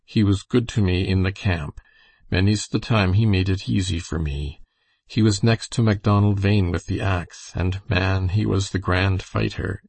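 A man's voice: sits low, measured pace, vocal fry, darkish tone, husky, no echo, full character voice. A man voicing an earnest, grieving young backwoods lad with a plain, simple rural turn of phrase.

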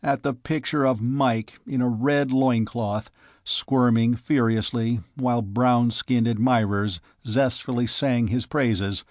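A man with a mid-range voice reads scripted audiobook narration steadily and with measured delivery. The studio-quality recording carries no room sound.

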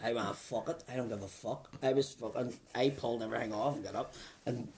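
A man telling a rough story in casual podcast chat, crude and animated, with heavy swearing. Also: mid-range voice, fast talker, a crowd in the background.

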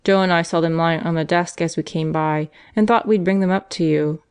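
A woman voicing a friendly male detective who talks in a reassuring way, in a lowish voice. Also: steady tone, fairly quick, darkish tone, clean tone, lightly acted.

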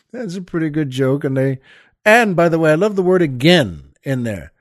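A man's voice: a little high, animated, brisk, dry recording, clean studio sound. A man hosting a podcast in a casual monologue, rambling with many fillers and restarts. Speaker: podcast host.

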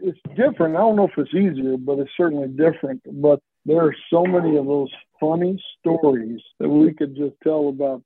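A man hosting a casual interview, telling stories with animated quoted voices. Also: a little high, vocal fry, breathy edge, no room sound. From Texas. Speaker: host. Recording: tinny phone-like line.

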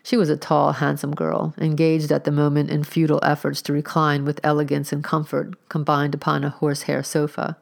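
Woman narrator, low gravelly voice, measured wry read. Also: completely flat delivery. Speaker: audiobook narrator. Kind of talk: scripted narration.

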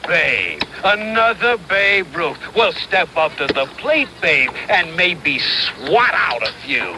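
A hearty baseball coach in an old ad. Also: male voice, on the high side, big pitch swings, takes it slowly, full character voice, low-quality recording. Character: brisk middle-aged male baseball coach. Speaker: coach in a vintage beer ad. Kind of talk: vintage TV commercial acting. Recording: old ad with music playing under it.

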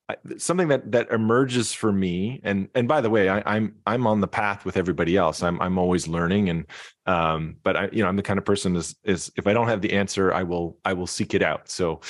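Thinking out loud on a conversational podcast interview, this guy, a singer-songwriter and keynote speaker, is reflective, with many restarts and soft fillers. He has a lowish voice. The sound is dry and close, with no room sound.

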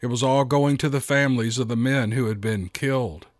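A man reading a story aloud as a narrator, in a steady, measured manner. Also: medium pitch, no room sound, studio quality. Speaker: audiobook narrator. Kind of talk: scripted narration.

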